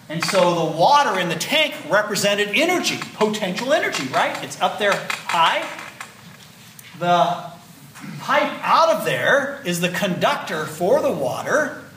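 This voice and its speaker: A man in his sixties giving a physiology lecture, explaining step by step and checking in with "okay?" and "right?". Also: high-pitched. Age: 60s. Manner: explanatory, repeats key points with "okay?" and "right?". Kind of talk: classroom lecture. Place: lecture hall. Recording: roomy lecture hall, mic at a distance, faint noise.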